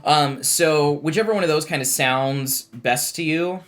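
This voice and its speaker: A man's voice: fairly high pitch, a little slow, a bit bright, faint music behind. A man, a game designer, casually explains character options to players, thinking aloud with frequent ums and restarts. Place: studio.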